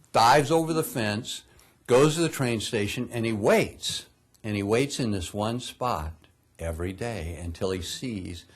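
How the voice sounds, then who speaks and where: An older man preaching a sermon, retelling a film's story in a relaxed storytelling way and chuckling now and then. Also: on the low side. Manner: storytelling, chuckles at own stumbles. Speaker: pastor. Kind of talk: sermon retelling a film plot.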